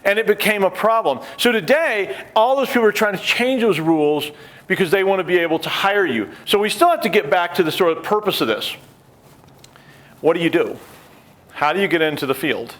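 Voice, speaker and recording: Middle-aged guy on a conference stage, lively up-and-down voice, acts out the people in his stories, wry little asides. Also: sits high, brisk. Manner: animated storyteller acting out quoted people. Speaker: conference speaker. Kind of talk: conference talk.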